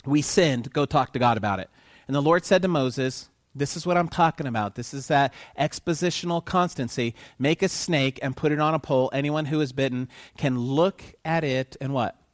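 A man preaching a sermon who keeps asking his listeners questions and pauses for their answers, swinging from quiet to loud for emphasis. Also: medium pitch, no room sound, clean studio sound.

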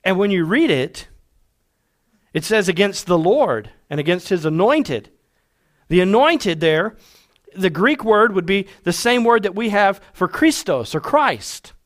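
Animated preaching man, high lively voice. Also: measured pace. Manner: animated preaching, acting out quoted voices, dropping to hushed tones. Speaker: pastor. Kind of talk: sermon.

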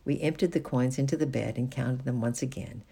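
Someone reading a children's storybook aloud in a gentle, steady manner. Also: mid-range voice, fairly quick, creaky, slightly rough. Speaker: reader.

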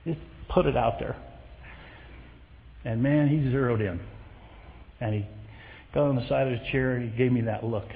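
A man preaching a sermon, telling a story with lively acted quotes. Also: medium pitch, normal speed, vocal fry, long pauses, slight background noise. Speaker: pastor. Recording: echoey hall sound over a tinny thin line.

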